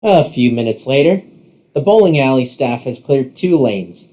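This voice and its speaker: Male narrator for second-person story, steady, warm mellow tone. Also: medium pitch, moderate pace.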